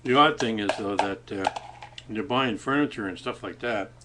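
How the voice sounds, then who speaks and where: A man with a fairly low voice chats casually into a webcam from a cafe. He rambles loosely and keeps stopping and restarting his sentences, with plenty of uhs and you-knows. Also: normal speed, very noisy. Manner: rambling, with many fillers and restarts. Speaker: vlogger.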